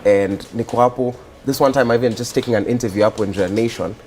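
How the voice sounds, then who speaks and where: A young man with a Kenyan accent, a guest on a talk show, telling his story in a relaxed, rambling way with many fillers. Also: medium pitch, quick pace, soft background music. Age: young adult. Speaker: guest, activist and musician. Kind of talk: casual interview storytelling.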